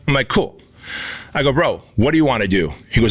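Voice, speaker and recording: A man co-hosting a podcast, telling stories in an animated, profane way and acting out the quotes in them. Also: mid-range voice, fast. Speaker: podcast co-host and instructor. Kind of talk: casual podcast conversation.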